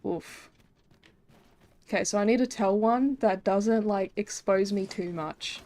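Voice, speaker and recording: A woman's voice: medium pitch, unhurried, warm tone. A young Australian woman streaming a game, chatting casually with many fillers and frequent swearing. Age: young adult. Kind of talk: casual live-stream chat.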